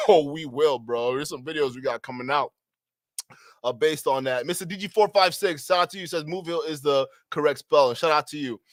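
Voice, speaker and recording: A man's voice: on the high side, a little fast, no echo, clean studio sound. A man streaming reaction commentary, profane and slangy, laughing often. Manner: profane, slangy, keeps saying bro, breaks into laughter.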